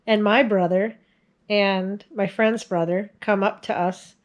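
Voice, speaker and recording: Speaking at a measured pace in a steady, medium-pitched voice, a woman in her forties shares family stories on video. Her delivery is relaxed and chatty, with frequent laughter.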